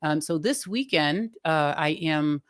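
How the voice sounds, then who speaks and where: A woman singer answering interview questions in a relaxed way, with lots of fillers and pauses as she searches for words. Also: deep voice, dry recording, clean studio sound. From Cape Verdean community, New Bedford area. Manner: many fillers, searching for words, quick laughs. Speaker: singer and entertainer, interview guest.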